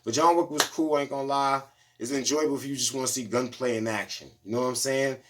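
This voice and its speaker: A man's voice: mid-range voice, fast talker, background noise. A man giving a loose, slangy movie review, retelling the plot in a casual storytelling way. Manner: loose slangy storytelling, lots of "you know what I'm saying".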